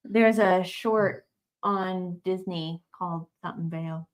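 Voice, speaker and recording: A woman co-hosting a livestream, chatting casually and easygoing, pausing with frequent filler ums. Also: lowish voice, fairly even intonation. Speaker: livestream co-host. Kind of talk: casual chat.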